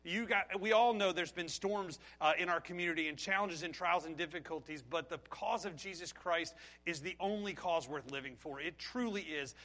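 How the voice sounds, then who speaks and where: Man, pastor, conversational sermon, bright tone. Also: a little high, moderate pace, hardly any pauses. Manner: conversational, addresses the congregation directly.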